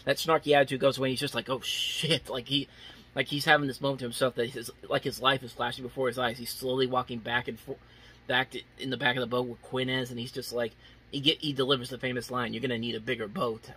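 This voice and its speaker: A man's voice: medium pitch, flat delivery, fast talker, bright, forceful tone, breathy edge. A young man casually reviewing a movie, enthusiastic and rambling, with many restarts and filler words.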